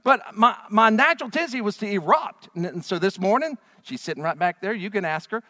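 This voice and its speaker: High-voiced preacher in a reverberant hall. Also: male voice, a little fast, clean studio sound. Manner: lively, joking, rhetorical questions. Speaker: pastor. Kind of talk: sermon. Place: church hall with live audience.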